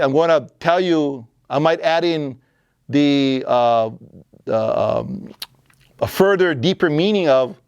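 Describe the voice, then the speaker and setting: A man's voice: fairly high pitch, a little mellow, no echo, clean studio sound. A man teaching a grammar lesson, explaining patiently and asking and answering his own questions. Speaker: Hawaiian language teacher.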